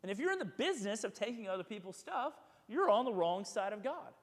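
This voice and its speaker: A man's voice: sits high, sing-song, quick pace. A man preaching a casual sermon as pastor, chatty and joking, acting out quoted voices. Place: church sanctuary. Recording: echoey church sanctuary with long reverb.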